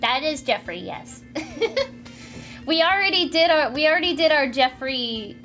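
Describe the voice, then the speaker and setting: A woman streams from her home with a fairly high voice, chatting and giggling between comic pages. She is quick to thank viewers, and faint music plays softly under her talk. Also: big pitch swings. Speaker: streamer reading comics aloud. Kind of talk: casual livestream chat. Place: home room. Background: faint music, dryer running.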